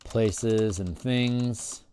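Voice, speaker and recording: A man's voice: lowish voice, fairly even intonation, dark tone, smooth. Tired man thinking aloud over typing. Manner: halting, restarts and repeats, says he is tired and yawning. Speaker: game designer streaming his work. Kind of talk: livestream design session, thinking aloud.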